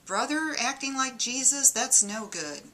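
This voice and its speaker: A woman with a Midwestern Detroit accent giving a deadpan comedic monologue of mock-earnest warnings. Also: high voice, measured pace, a little hiss or hum. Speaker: comic monologist.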